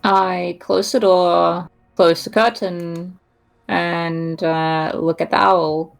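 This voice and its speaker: A woman's voice: lowish voice, steady tone, slow pace, creaky. A woman playing a casual tabletop game, hesitantly describing her character's actions step by step. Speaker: player.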